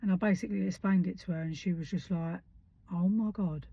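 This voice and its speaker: A woman's voice: fairly low pitch, fairly even intonation, quick pace, vocal fry, warm tone, husky. Blunt heated woman telling a story. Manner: blunt and heated, swears freely. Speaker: vlogger. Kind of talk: casual storytelling. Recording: dull lo-fi sound.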